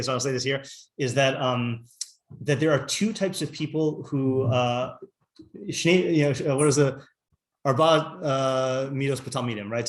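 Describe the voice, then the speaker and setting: A middle-aged man, a rabbi, teaching a casual class, chatty and quick to laugh, often breaking off mid-sentence. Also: medium pitch.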